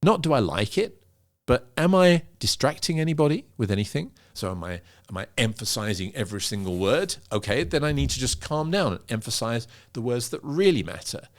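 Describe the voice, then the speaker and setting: A middle-aged man, a pitch coach, explaining in an interview and demonstrating vocal emphasis. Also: lively intonation, fairly quick. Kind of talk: interview conversation.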